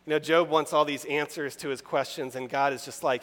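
Man, sermon, animated scripture reading, slightly high voice, long hall reverb. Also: fairly quick. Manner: animated, reads scripture with rising emphasis. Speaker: preacher.

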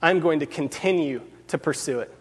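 Male preacher, slightly high, husky voice, earnest sermon delivery in a big echoing hall. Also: moderate pace. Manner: earnest, repeats key phrases for emphasis. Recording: long hall reverb.

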